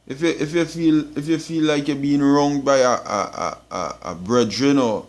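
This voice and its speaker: A man's voice: mid-range voice, moderate pace. A man with a Trinidadian accent preaching an informal sermon, emphatic and blunt, tagging his lines with "boy" and swearing for emphasis.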